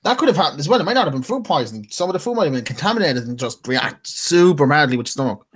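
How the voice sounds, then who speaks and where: A man's voice: on the high side, sing-song, fast, breathy edge. A young man chatting casually on a podcast, rambling through a story and swearing freely. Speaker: podcast co-host. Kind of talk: casual chat.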